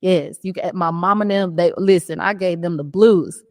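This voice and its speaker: A woman's voice: on the low side, moderate pace, no room sound, clean studio sound, in a large hall. A woman in her thirties, a podcast guest, telling her personal story in casual speech and acting out the voices of the people in it. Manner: animated storytelling, acts out quoted voices. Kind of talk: casual testimony.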